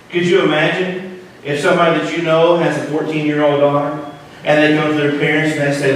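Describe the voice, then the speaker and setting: A man preaching a sermon as pastor, with dramatic swings from loud to hushed. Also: a little high, flat delivery, a little fast, hardly any pauses, a little hiss or hum. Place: church sanctuary. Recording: echoey church hall, mic at a distance.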